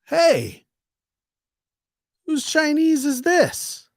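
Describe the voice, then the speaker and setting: A grubby male coworker who picks at abandoned food, whining in a thin, high, clueless tone, as a storyteller puts him on. His voice climbs well above a normal man's register and swings around a lot. It sounds close and dry, with no room echo. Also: huge pitch swings, drawn-out words, full character voice. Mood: puzzled.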